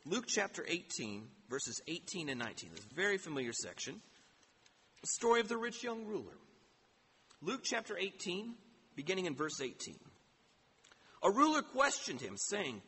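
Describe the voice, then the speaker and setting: Male pastor, emphatic sermon delivery, bright tone, reverberant hall. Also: high-pitched, big pitch swings, normal speed, husky. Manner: emphatic, asks rhetorical questions.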